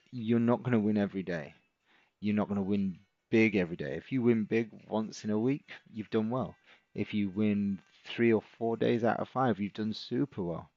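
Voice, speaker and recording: A man's voice: fairly low pitch, darkish tone, no room sound, dull audio. A middle-aged man, hosting a live stream as a trading coach, chatting casually and encouraging viewers as he reads out their comments.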